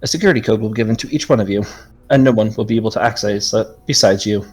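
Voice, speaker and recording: A man's voice: on the low side, racing, breathy edge. A man reading out an automated laboratory announcement in a formal, impersonal tone during a tabletop game, with faint music behind.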